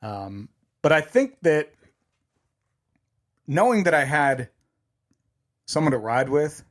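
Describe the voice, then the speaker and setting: A man's voice: fairly high pitch, sing-song, slow pace. A middle-aged man co-hosting a casual podcast, joking around and laughing often while he talks. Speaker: podcast co-host. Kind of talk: casual chat.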